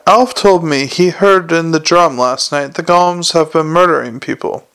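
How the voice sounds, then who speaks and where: A rough timber merchant grumbles with an aggrieved edge, voiced by a male narrator. His voice has a gravelly, fry-laden grain over a smooth, resonant core. He speaks in a slightly raised register for a man. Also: on the high side, normal speed, fairly bright tone.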